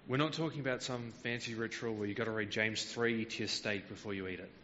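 A man delivers a Bible teaching sermon in a fairly low voice, explaining each verse carefully and pausing on the odd filler. The sound is slightly muffled and lo-fi. A long reverb trails behind him, with faint noise underneath. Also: fairly even intonation, sharp tone. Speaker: preacher.

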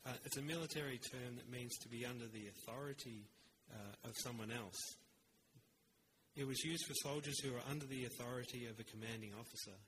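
Man, preacher, mid-pitched voice, measured earnest sermon, faint background hiss.

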